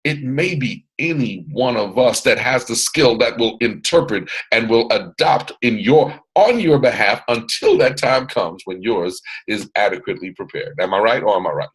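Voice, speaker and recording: A man's voice: mid-range voice, animated, moderate pace, hardly any pauses, breathy edge, low-quality recording. A man leading a motivational training session on a video call, boisterous and strong in his delivery, repeating phrases like a preacher. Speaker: mentor hosting a training call.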